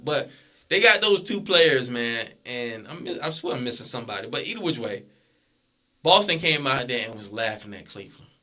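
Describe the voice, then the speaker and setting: A young man co-hosting a podcast, laying out his basketball opinions in a casual, measured way. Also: mid-range voice, expressive, sharp tone. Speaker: podcast co-host. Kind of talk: casual sports debate.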